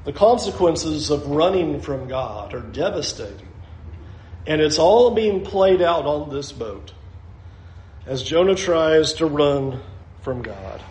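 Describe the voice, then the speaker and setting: Emphatic high-voiced male preacher. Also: lively intonation, slow pace, a little mellow, roomy sound, slight background noise, rough recording. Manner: emphatic, repeats phrases for effect, asks questions. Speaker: pastor. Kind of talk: sermon.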